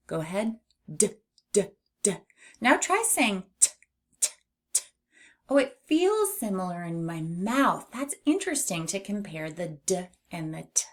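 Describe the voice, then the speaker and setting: Slow, lower-voiced woman teaching phonics. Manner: slow, exaggerated sound modeling with playful asides. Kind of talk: children's phonics lesson.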